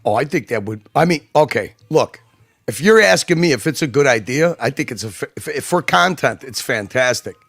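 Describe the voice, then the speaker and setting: A man's voice: mid-range voice, expressive, brisk, gravelly, fairly bright tone, no echo, studio quality, faint music behind. A man talking as a guest on a livestream, rambling and emphatic, with many restarts and asides. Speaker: guest commentator. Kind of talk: casual livestream chat.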